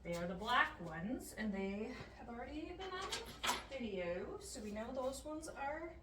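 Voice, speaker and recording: A woman with a fairly high voice chats her way through a DIY repair, slow and unhurried, tossing jokey asides to viewers. She is off-mic in an echoey room with clear background noise. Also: sing-song, recorded from a distance. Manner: chatty, thinks aloud with jokey asides to viewers. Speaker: DIY vlogger. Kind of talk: casual step-by-step repair narration. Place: home entryway, indoors.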